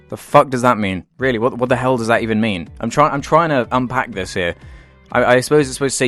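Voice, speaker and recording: A man's voice: mid-range voice, quick pace, a bit bright. Exasperated male comedy ranter, sarcastic, sweary, faint music under him. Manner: sarcastic, exasperated, mocking quoted voices. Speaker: comedy ranter, channel host.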